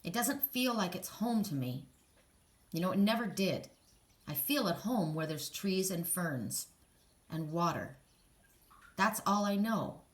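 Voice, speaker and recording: A woman giving a casual spiritual card reading, talking straight to the listener in a rambling way, with restarts and soft sighs. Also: on the low side, lively intonation, a little slow, pauses often. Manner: emotional, soft and sighing in places. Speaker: psychic card reader.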